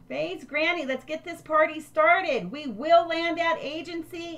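A woman's voice: extremely high pitch, unhurried, hardly any pauses, fairly bright tone. An older woman live-streaming a game, chatting with viewers and thanking them by name.

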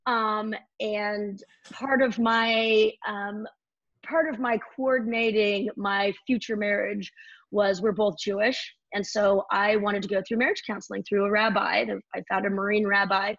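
A woman guest in an interview, telling her stories in a lively way and acting out the dialogue. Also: medium pitch, a little slow, no echo, dull audio. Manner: lively storyteller who acts out dialogue. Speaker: guest, military veteran. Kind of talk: conversational storytelling interview.

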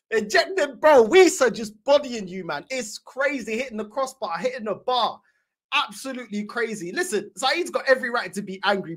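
A woman hosting a football reaction video, teasing and joking in heavy slang and laughing often. Her voice sits fairly high and swings widely in pitch as she gets animated. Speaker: host of a football reaction channel. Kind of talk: casual fan reaction commentary.

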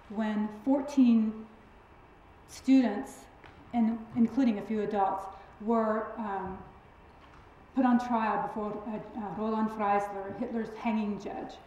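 A woman with a twang giving a public lecture in a lively, emphatic, friendly storytelling way. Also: mid-range voice, takes it slowly, a little hiss or hum. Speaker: guest lecturer. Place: large lecture hall. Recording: very echoey hall recording.

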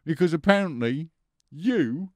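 A man's voice: fairly high pitch, lively intonation, unhurried, no echo, clean studio sound. A man hosting a comedy courtroom sketch as a judge, ranting in a foul-mouthed, aggressive way. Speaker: host playing a judge.

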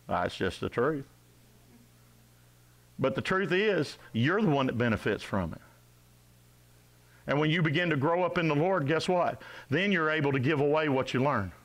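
A man preaching a sermon as pastor, exhorting his congregation, rising to shouts and dropping low. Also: low-quality recording. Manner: animated, exhorting, rises to shouts and drops to low tones. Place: church sanctuary.

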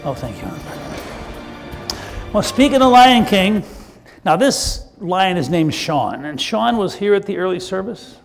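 Older pastor chatting with kids in church, long reverb, faint music behind. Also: male voice, high voice, big pitch swings, unhurried, creaky, pauses often. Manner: warm, playful, chatty with children. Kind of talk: children's sermon storytelling. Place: church sanctuary.

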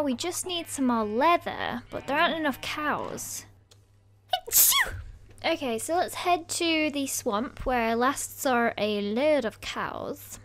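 A young woman hosting a let's play, chatty and playful, gasping with excitement as she narrates her game. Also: high voice. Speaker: gaming channel host.

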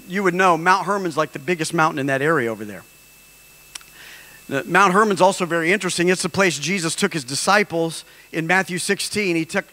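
A man preaching a sermon as pastor, emphatic and rising at times to shouts. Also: sits high. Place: church hall. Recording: long reverb of a large hall.

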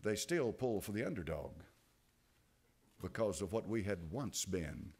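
An older man with an East Tennessee accent preaching a sermon as pastor, dropping to quiet asides and rising to loud exclamations. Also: fairly low pitch, very animated, unhurried, husky. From United States.

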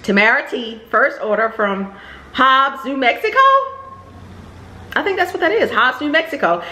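Breathless and chatty, this middle-aged vlogger and shop owner thanks customers and talks through clothing in a haul video, filling it with ums and repeated words. Her voice is high-pitched, bright and forceful. A camera or phone close by records her in a reverberant space with slight background noise.

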